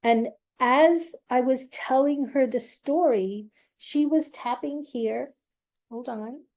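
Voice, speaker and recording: A woman telling an emotional personal story, speaking haltingly with long pauses and emphasis. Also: sits high, a little mellow.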